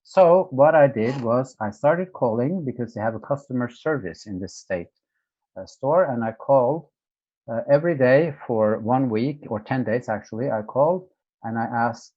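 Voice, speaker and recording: A man's voice: medium pitch, normal speed, a little mellow, no room sound. A man from Norway, an interview guest telling stories in an earnest, emphatic way, full of fillers and restarts. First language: Norwegian. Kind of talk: conversational storytelling. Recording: dry, dull lo-fi sound.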